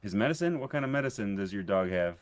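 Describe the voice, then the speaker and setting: A young man playing a tabletop game, speaking in character with halting repetitions. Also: on the low side. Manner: halting, repeats words while calming someone. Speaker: player.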